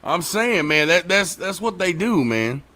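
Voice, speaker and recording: Brief: host, high bright male voice, easygoing profane storyteller, lots of laughs. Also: big pitch swings, unhurried. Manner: laid-back storyteller, laughs often, says "man". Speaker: podcast host, father. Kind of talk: casual profane chat.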